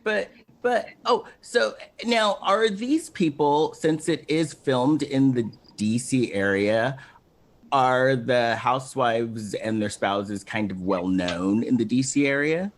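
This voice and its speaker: A man's voice: mid-range voice, takes it slowly. A man hosting a podcast, chatting casually and emphatically, with frequent "right" backchannels. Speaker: podcast host. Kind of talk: casual interview chat.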